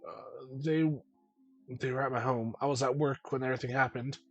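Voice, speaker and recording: A man's voice: medium pitch, fairly even intonation, normal speed, vocal fry, no echo, soft background music. A man voicing an anxious middle-aged man who stammers and pleads while asking after his missing family.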